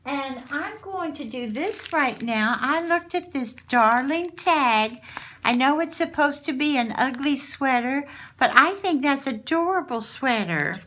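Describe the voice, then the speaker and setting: A woman with a drawl takes her time, talking at a slow, easy pace. She is chatting casually at home while opening mail. She gushes and exclaims over everything she pulls out. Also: sits high, animated, bright, forceful tone, slight background noise. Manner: gushing, exclaiming over each item. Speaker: craft channel host. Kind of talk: casual unboxing chat.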